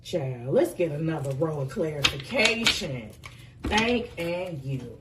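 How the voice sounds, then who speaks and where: A woman's voice: low-pitched, expressive, slow pace, far from the mic, very noisy. A woman giving a casual tarot reading, emphatic and effusive, swearing freely and calling the listener pet names. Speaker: tarot reader.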